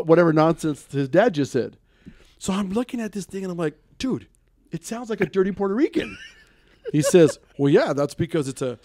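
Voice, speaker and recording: A man's voice: on the high side, darkish tone, no echo. A man co-hosting a comedy radio show, teasing his friends while telling a long story in a joking banter style. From United States. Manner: teasing, storytelling with mimicked voices.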